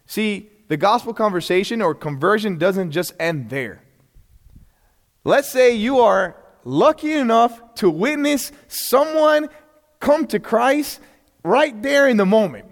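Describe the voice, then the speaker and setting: A man's voice: high voice, animated, slow pace, in a large hall. A man teaching a church class in a casual, earnest way, asking rhetorical questions and chuckling between points.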